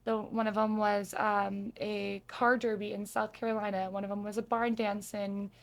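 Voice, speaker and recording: A woman from Arizona talks as a guest on a podcast in a chatty, effusive way. Her voice sits at an ordinary middle pitch. She laughs easily and strings her thoughts together loosely, full of fillers. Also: flat delivery, normal speed. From Sedona, Arizona. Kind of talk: casual interview chat.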